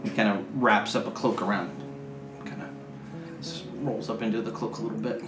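Chatty game master in a roomy space. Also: male voice, on the low side, steady tone, moderate pace. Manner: chatty, laughing asides. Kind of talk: narrating a tabletop game. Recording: roomy sound with faint music.

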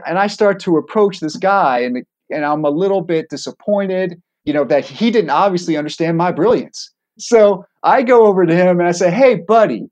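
A middle-aged man, a former hostage negotiator, telling a story from his own experience as a podcast guest. He speaks in a calm, deliberate way and pokes fun at himself with wry laughs. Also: a little high. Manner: self-deprecating, with wry laughs. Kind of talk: anecdotal storytelling in a podcast interview.

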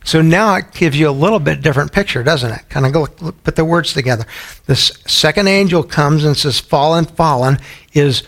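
A man's voice: a little high, moderate pace, creaky, fairly bright tone. A man teaching a Bible study in a sermon style, often putting questions to his listeners. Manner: asks the audience questions often.

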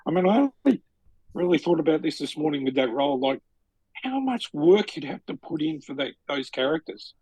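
Australian male co-host, husky, gushing and eager, dry close-mic sound. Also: on the high side, sing-song, fairly quick, a little mellow, no echo, low-quality recording. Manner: enthusiastic, gushing with restarts. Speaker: podcast co-host. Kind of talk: casual podcast conversation.

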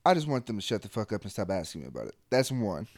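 A man's voice: fairly low pitch, very animated, very fast, a little mellow, dry recording. Laid-back soldier man, dry sound. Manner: loose, profane, trailing off into mumbles. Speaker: army soldier. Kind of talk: casual chat.

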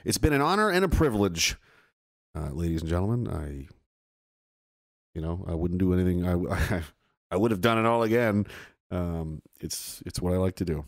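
A man hosting a livestream, reading chat messages aloud in casual, profane commentary that swings between loud bursts and low mumbles. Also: animated, moderate pace, pauses often, dry recording, studio quality.

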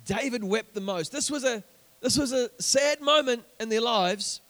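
Kiwi preacher, man with a high voice, repeats himself, rallies the congregation. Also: normal speed, a bit bright. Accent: New Zealand. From New Zealand. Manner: repeats words as he builds, calls out to the congregation. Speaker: pastor. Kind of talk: sermon.

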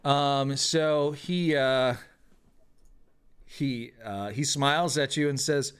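A man's voice: medium pitch, slow pace, fairly bright tone, clean tone. A man narrating as game master of a tabletop game, hesitant, with many fillers.

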